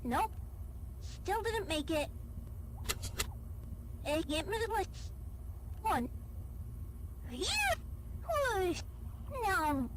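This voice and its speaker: A woman's voice: extremely high pitch, very animated, extremely slow, long pauses, full character voice. Woman doing a pushy bouncy cartoon rabbit. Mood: coaching. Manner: drilling, counting, shouting commands. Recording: loud background noise.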